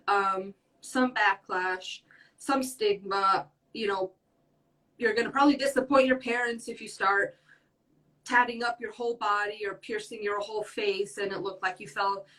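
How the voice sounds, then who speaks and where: A woman's voice: fairly high pitch, bright, forceful tone, recorded from a distance, poor audio. A young woman speaking earnestly as a podcast guest in casual talk, rambling with many fillers. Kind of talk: casual conversation.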